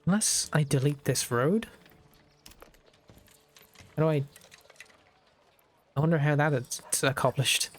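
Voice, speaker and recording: A man's voice: on the high side, slow pace, long pauses. A young Irish man streaming a strategy game, chatting casually and thinking aloud with lots of fillers. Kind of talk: casual gaming stream chat.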